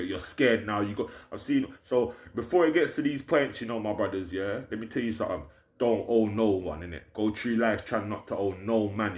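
Low guy ranting at the camera, keeps saying innit, echoey room. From England. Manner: preachy, forceful, repeats "you understand" and "innit". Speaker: vlogger. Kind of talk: straight-to-camera rant.

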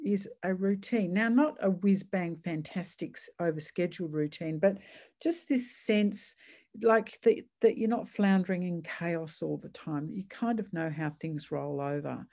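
Gravelly-voiced woman giving parenting advice. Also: lowish voice. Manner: chatty, warm and reassuring, with asides and restarts. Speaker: psychiatrist giving a parenting talk. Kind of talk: casual online talk.

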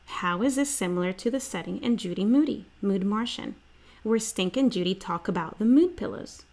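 A woman's voice: medium pitch, animated, normal speed, a little mellow. A woman teacher reading a children's book aloud and asking comprehension questions.

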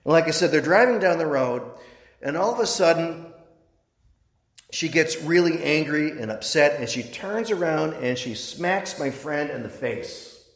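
A man, a priest, giving a sermon, telling a story with halting restarts. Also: a little high, lively intonation. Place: church. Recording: echoey church with long reverb.

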